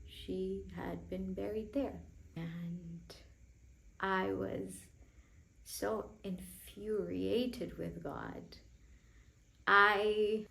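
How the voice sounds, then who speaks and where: Young woman vlogger, emotional first-person storytelling, halting and heartfelt, middle pitch. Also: gravelly, a little hiss or hum, low-quality recording.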